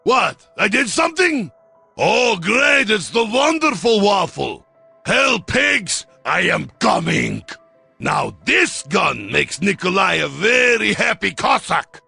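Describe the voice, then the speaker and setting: An actor playing a boisterous, vodka-loving Russian soldier in a video game, with a Russian accent and a husky, gravelly voice, boasting gleefully. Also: male voice, high-pitched, sing-song, takes it slowly, pushed and bright, soft background music, full character voice.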